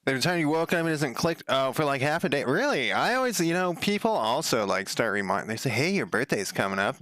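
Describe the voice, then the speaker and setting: A man's voice: fairly high pitch, big pitch swings, quick pace, a bit bright, dry recording. A young man casually thinking aloud while coding on a stream, muttering to himself with wry asides and the odd swear. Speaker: game developer streaming.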